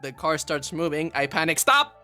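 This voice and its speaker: A streamer casually telling a funny story to chat, animated and laughing often at their own expense. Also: medium pitch, normal speed, faint music behind.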